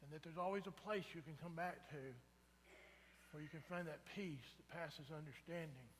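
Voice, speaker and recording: A man's voice: a little high, moderate pace, a little hiss or hum. A man preaching a sermon in a conversational way, often asking the congregation "right?". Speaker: pastor. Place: church sanctuary. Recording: reverberant church sanctuary.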